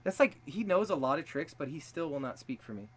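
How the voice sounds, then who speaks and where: A man chatting casually on a stream. He talks in a relaxed, laughing way, full of fillers and trailing phrases. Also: on the high side, brisk. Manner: laid-back, laughing, with filler-heavy trailing speech.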